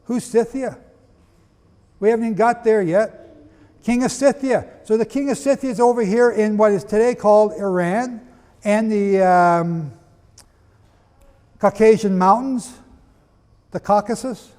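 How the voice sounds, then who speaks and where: Guy with a pretty high voice giving a bible lecture, lots of questions at the crowd, long echo off a big hall. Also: measured pace, long pauses. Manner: animated, asks the audience questions, reads quotations aloud. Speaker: Bible teacher. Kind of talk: lecture-style sermon reading from sources.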